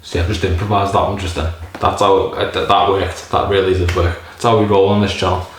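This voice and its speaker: A man's voice: deep voice, level tone, fairly quick, slight background noise. A man casually reviewing a beer in a rambling, jokey way, swearing often. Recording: very echoey room.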